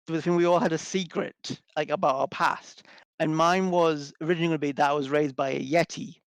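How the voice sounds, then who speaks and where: A man's voice: a little high, steady tone, fast, clean tone, no echo. A man running a tabletop game as game master, narrating with many fillers and restarts.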